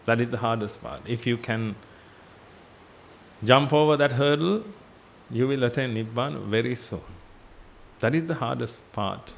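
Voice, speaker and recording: Gravelly-voiced man preaching a sermon. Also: medium pitch, moderate pace, pauses often, a little hiss or hum. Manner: repetitive, emphatic teaching with rhetorical questions; drops his voice on "ladies and gentlemen". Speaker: Buddhist monk giving a sermon. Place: temple hall.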